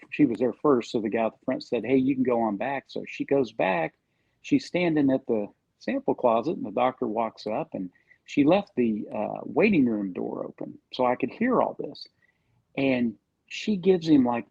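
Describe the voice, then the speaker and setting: A man's voice: mid-range voice, vocal fry, dark tone, breathy edge, dry recording, muffled recording. A man on a podcast casually telling a sales story and acting out the quoted lines.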